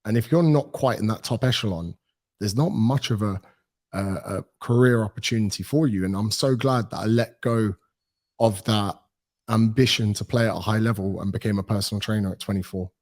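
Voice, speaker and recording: British man, thirties, fairly low voice, animated storyteller, casual podcast guest. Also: a little fast. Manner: animated storyteller, acts out quoted dialogue. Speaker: guest, personal trainer.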